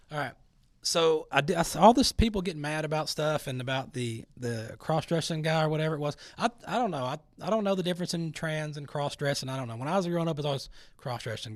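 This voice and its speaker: A man's voice: fairly high pitch, quick pace, no room sound. A middle-aged man hosting a talk show, ranting in a sarcastic, casual way and mocking the people he describes. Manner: sarcastic, mocking imitations of others. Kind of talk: casual opinion monologue.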